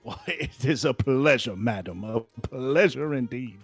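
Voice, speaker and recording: A game master voicing a jovial Southern gentleman with a folksy American Southern drawl, chuckling and repeating "I say". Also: mid-range voice, lively intonation, unhurried, slightly rough, dry recording, soft background music.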